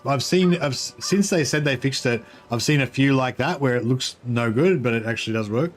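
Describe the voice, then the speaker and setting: During his strategy game livestream, a male streamer with a mid-range voice offers casual, rambling commentary. He halts often and talks while eating, with soft music playing in the background.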